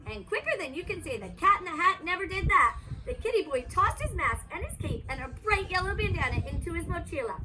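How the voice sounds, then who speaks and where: A woman teacher reading a picture book aloud to her students, expressive and animated, putting on voices for the characters. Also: a little fast, rough recording. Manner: animated, voices the characters with big pitch swings. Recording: loud background noise.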